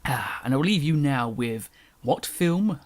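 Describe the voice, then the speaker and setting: A young man from England hosts a solo podcast, rambling chattily and correcting himself as he goes, his casual English accent dropping its T's. His mid-range voice is expressive, slow and darkish, recorded dry.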